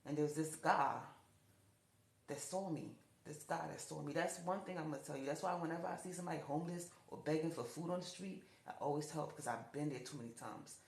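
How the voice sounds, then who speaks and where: A woman telling her own life story to camera, repeating herself and rising in pitch when upset. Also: a little fast, vocal fry. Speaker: TikTok storyteller. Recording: echoey room.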